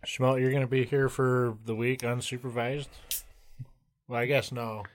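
A man's voice: medium pitch, flat delivery, unhurried. A man teasing his friends playfully in casual podcast chat.

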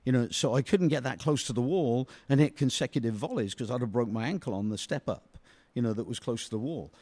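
A middle-aged British man, a former soccer player, rambles through long anecdotes as a guest in a storytelling interview, filling every pause with "you know." His mid-range voice is expressive and darkish in tone, recorded with no echo.

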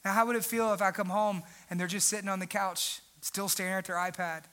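A man's voice: sits high, flat delivery, a little fast. A man in his thirties preaching a sermon as pastor in a church sanctuary, building to fervent prayer while a band plays. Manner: preaching over live worship music, rising to fervent prayer. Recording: loud live band music behind voice. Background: band playing.

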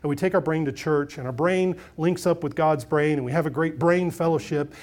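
Conversational male preacher, slightly high voice. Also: fairly quick. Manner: conversational preaching, swings from loud emphasis to quiet asides; repeats and restarts phrases, light chuckles. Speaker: pastor. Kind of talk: sermon.

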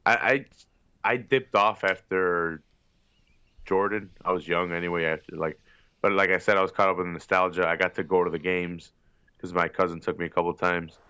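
A man's voice: sits low, fairly even intonation, brisk, bright, forceful tone, clear, resonant tone, dry recording, highs cut off. A man co-hosting a podcast, joking around in loose, profane sports banter. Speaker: podcast co-host. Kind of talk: casual sports chat.

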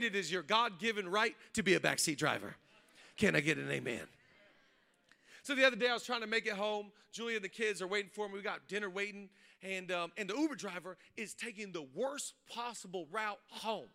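A man, a pastor preaching a sermon, mixing funny stories with loud, rising exhortation. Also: high voice. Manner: humorous storytelling, building to loud preaching. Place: church stage before a congregation.

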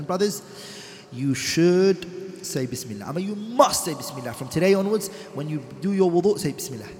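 A man teaching a classroom lecture, reciting Arabic text quickly and then explaining it in English, putting questions to the class. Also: fairly high pitch, darkish tone, a little hiss or hum. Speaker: teacher of Islamic law. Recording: echoey hall.

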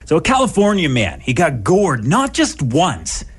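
A man's voice: a little high, wildly swooping pitch, a little slow, faint music behind. A man co-hosting a morning radio show, chatting casually and telling stories with a joking manner from a studio. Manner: chatty, jokey storyteller. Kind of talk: casual on-air banter.

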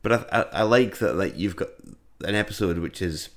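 A man's voice: low-pitched, brisk. A man co-hosting a podcast as its DJ, chatting in an easygoing way. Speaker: podcast co-host and DJ. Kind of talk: casual chat.

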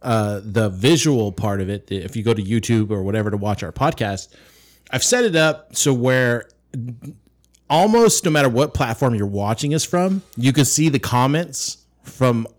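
A man's voice: medium pitch, animated, normal speed. A man hosting a casual sports podcast, steering the talk and explaining things to viewers. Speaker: podcast host.

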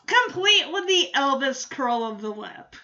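Woman recap host, bright, high, giggly and casual, lo-fi mic. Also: very animated, unhurried. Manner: chatty, giggly, lots of fillers like "like" and "you know".

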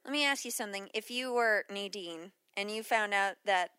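A woman co-hosting a podcast in casual movie chat, chatty and quick with asides and laughs. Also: medium pitch, sharp tone, clean tone, no echo. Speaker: podcast co-host.

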